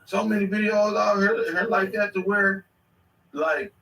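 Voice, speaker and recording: A man's voice: high-pitched, level tone, measured pace, creaky, bright, forceful tone, slight background noise. A man casually reacting to clips on a stream, rambling and slangy with sudden bursts of laughter. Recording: echoey room, mic at a distance.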